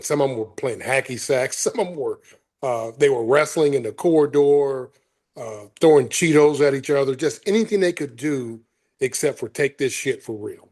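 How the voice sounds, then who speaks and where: A man's voice: medium pitch, normal speed, darkish tone. A man, a veteran guest on a podcast, talking in an easygoing, profane way and laughing often. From Helena, Arkansas, US South. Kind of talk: casual podcast chat.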